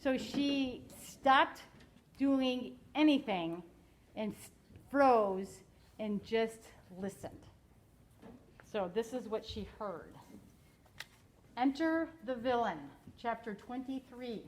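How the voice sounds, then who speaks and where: Expressive woman teacher reading aloud. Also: fairly high pitch, a little hiss or hum, poor audio. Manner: expressive, slows down for emphasis, asks students questions. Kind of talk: reading a novel aloud to a class.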